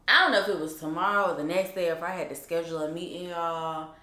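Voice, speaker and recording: A woman's voice: fairly low pitch, fast talker, bright, forceful tone. A young woman telling a personal story in a chatty, emphatic vlog style, full of fillers. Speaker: vlogger. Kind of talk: casual storytime. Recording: roomy echo.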